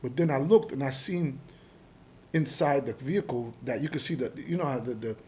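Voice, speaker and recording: A middle-aged man from Jamaica, telling his story as a podcast guest in an animated, profane way, acting out the dialogue. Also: medium pitch, normal speed. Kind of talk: casual storytelling interview.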